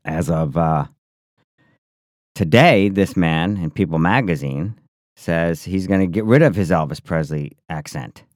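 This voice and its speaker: Low-voiced sarcastic man, dry close sound. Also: a little slow, dry recording. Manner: sarcastic, opinionated, teasing. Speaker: podcast co-host. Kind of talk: casual banter.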